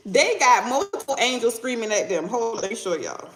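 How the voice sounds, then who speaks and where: Female tarot reader, animated and playful, echoey room. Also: normal speed, hardly any pauses. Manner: animated, bursts into high mock voices and laughter. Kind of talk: casual tarot reading.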